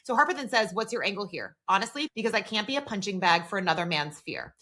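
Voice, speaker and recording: A woman's voice: medium pitch, lively intonation, fast, sharp tone. A woman co-hosting a podcast, casually recapping a TV episode and retelling scenes by quoting the characters' lines. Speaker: podcast co-host.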